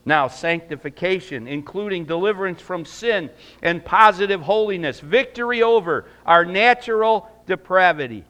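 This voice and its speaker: A man preaching a sermon in a church, emphatic and rising loud, then praying in a hushed voice. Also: sits high, expressive, moderate pace. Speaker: pastor. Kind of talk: sermon and closing prayer. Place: church sanctuary.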